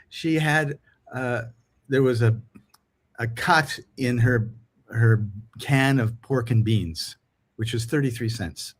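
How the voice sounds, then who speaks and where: A man's voice: mid-range voice, slow pace, pauses often. A middle-aged man from Canada co-hosting a podcast, chatting casually and acting out dialogue as he tells stories. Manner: animated storyteller acting out dialogue. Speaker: podcast co-host.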